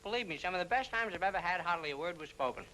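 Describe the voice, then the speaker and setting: A man playing a young sidekick who fires off quick deadpan wisecracks in a 1940s film comedy. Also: high-pitched, slight background noise, low-quality recording. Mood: wisecracking.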